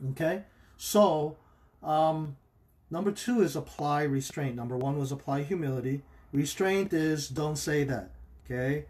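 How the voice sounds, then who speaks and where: A male pastor speaking in a fairly high voice, relaxed and conversational. He keeps checking in with his listeners with a quick "okay?" and slips into animated voices when he quotes people's excuses. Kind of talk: livestreamed marriage teaching.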